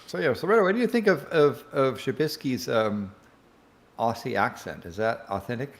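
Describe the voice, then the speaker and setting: A man chatting on a stream, halting and filling pauses with "uh" and restarts. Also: mid-range voice, animated. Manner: halting, many fillers and restarts. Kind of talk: casual chat.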